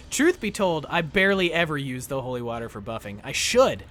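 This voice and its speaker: A man's voice: fairly high pitch, moderate pace, slight background noise. A young man from the United States chatting casually with his viewers while he plays a game, joking and squealing with delight when things go his way. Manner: excitable, jokey, squeals when pleased. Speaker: game streamer. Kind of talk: casual live-stream chat while gaming.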